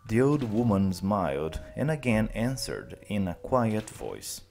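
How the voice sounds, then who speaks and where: A man teacher narrating a classic story slowly and clearly for language learners. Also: on the low side. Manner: slow, clear, expressive.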